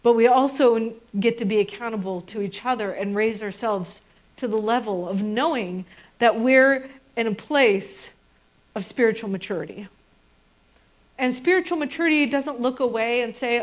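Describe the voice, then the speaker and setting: A woman's voice: fairly high pitch, moderate pace, poor audio. Earnest woman giving a spiritual talk. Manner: earnest and reflective, acting out inner voices. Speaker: spiritual speaker. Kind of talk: inspirational talk to an audience.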